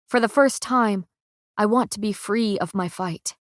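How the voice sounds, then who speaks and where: A woman narrating a first-person audiobook in a measured, emotional way. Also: medium pitch, dry recording, studio quality.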